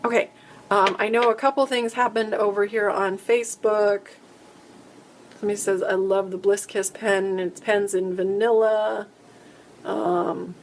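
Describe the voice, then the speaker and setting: A woman's voice: medium pitch, fairly even intonation, normal speed, slight background noise. A woman hosting a casual live-stream chat, answering viewer questions in a rambling, chatty way that often breaks off mid-sentence. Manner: chatty, rambling, self-interrupting.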